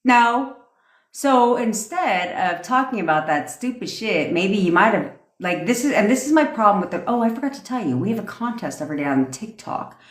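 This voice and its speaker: A woman's voice: medium pitch, animated, moderate pace, roomy sound. A woman manifestation coach ranting sarcastically and profanely on a phone live stream. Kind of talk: TikTok live rant.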